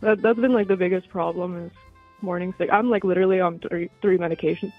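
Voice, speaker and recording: A woman's voice: fairly low pitch, steady tone, fast, soft background music. Breathless young woman on a tinny phone line. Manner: rambling, frequent "like" fillers. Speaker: caller. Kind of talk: casual phone call.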